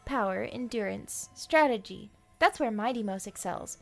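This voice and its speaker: A woman's voice: mid-range voice, expressive, moderate pace, gravelly, soft background music. A woman voicing a chatty, curious young woman character in a game who loves passing on rumors. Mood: gossipy. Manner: curious, gossipy, playful.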